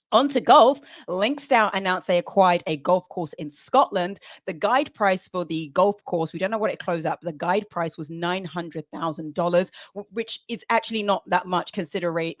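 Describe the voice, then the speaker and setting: An English woman reads a brisk podcast market report in a slightly low voice. She runs through the items steadily, with a few fillers and restarts. The sound is close and dry. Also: dry recording. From England. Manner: brisk scripted rundown with some fillers. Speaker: market news presenter.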